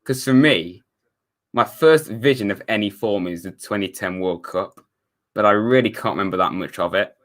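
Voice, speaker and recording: A young Englishman hosts a live stream watchalong, chatting casually and reading viewer comments with rambling, self-correcting talk and wry, sarcastic asides. His voice is fairly low and fairly bright, at a moderate pace.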